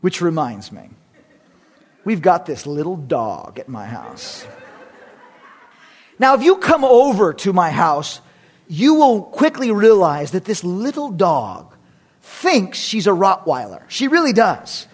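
High-voiced pastor guy preaching, swings all over, punchy and repeats himself a lot. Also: wildly swooping pitch, takes it slowly. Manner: emphatic, repetitive, rising and dropping for effect. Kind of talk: sermon.

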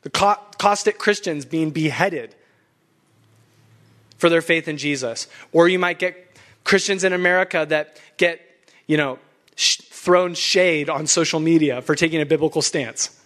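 A man's voice: fairly high pitch, a little slow, a bit bright. A young adult man preaching a sermon as pastor, emphatic and fired up, with laughs between points.

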